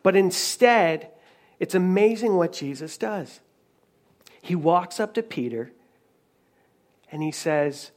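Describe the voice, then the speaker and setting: A man's voice: sits high, lively intonation, slow, pauses often. A man preaching a sermon in a conversational way, retelling a story with frequent restarts. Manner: conversational preaching with many restarts and retold dialogue. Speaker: pastor.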